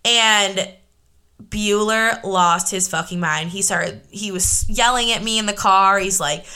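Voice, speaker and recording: Brief: young female podcast host, bright tone, frank and casual, confessional storytelling. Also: medium pitch, measured pace, clear, resonant tone. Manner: casual, candid, swears freely, many filler "like"s.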